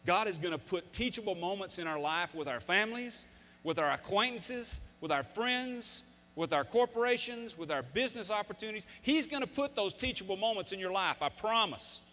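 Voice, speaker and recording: A man's voice: sits high, lively intonation, moderate pace, sharp tone, faint music behind. A man in his fifties, a former coach, gives a folksy, emphatic motivational talk, telling stories to an audience. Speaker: speaker, former football coach. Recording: long hall reverb.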